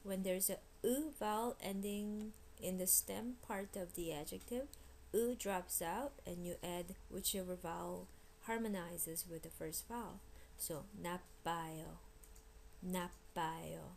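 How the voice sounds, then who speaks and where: A woman teaching a language lesson, explaining grammar and repeating each word slowly so learners can copy it. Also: mid-range voice, darkish tone, slight background noise. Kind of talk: recorded vocabulary lesson.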